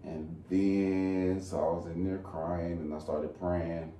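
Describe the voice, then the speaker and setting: A young man co-hosting a podcast and telling a personal story in casual slang. He often goes quiet and soft when he speaks of the hard moments. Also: little pitch movement, slow pace. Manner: casual and slangy, voice dropping low and soft as he recounts crying. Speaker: podcast co-host. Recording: echoey room, mic at a distance, faint noise.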